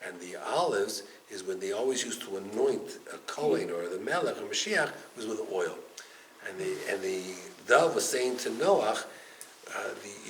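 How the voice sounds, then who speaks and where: A man teaching a Torah class as a rabbi, animated and storytelling, acting out the figures in his stories. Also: on the low side, normal speed, a little hiss or hum, poor audio. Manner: animated, acts out the stories in quoted voices.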